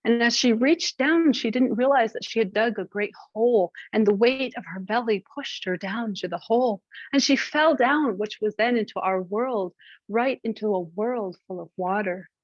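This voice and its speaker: Lively woman storyteller, dry, lo-fi sound. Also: fairly high pitch, normal speed, no room sound. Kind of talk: oral storytelling to an audience. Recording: dull, dry lo-fi recording.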